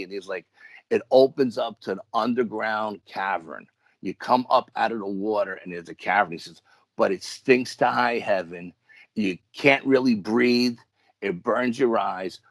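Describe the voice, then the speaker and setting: Low-voiced man from New York telling a story. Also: vocal fry, dry recording. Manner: rambling, animated retelling with quoted dialogue. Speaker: interview guest. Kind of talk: casual storytelling.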